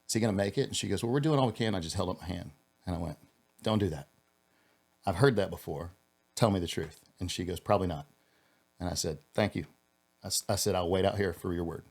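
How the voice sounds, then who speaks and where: A deep-voiced former police officer, appearing as a podcast guest, tells a personal story with earnest feeling. His delivery is halting and full of restarts, and vocal fry runs through it.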